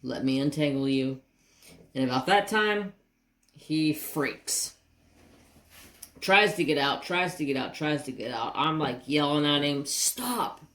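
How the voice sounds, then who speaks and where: A woman hosting a craft channel, telling a rambling, animated story with mild cursing. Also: deep voice, a little slow. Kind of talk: casual storytelling while crafting.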